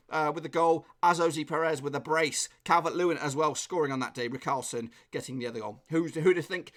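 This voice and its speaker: A chatty man with an English accent hosts a live stream, rattling through viewers' score predictions. His voice sits a little high and is slightly hoarse. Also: a bit bright. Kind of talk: casual live-stream chat.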